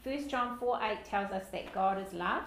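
A woman gives a Bible study in a casual, chatty way, breaking off for little self-deprecating asides. Her voice sits at an everyday middle pitch. It rings around an echoey hall, with a faint hum of noise behind her. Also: normal speed, a bit bright. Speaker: Bible teacher.

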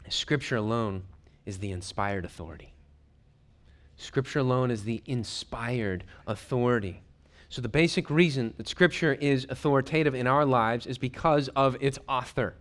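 A man preaching a sermon, reading scripture aloud and explaining it, building to emphatic points and then dropping low and quiet. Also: unhurried. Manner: drops to a low, quiet tone to drive points home.

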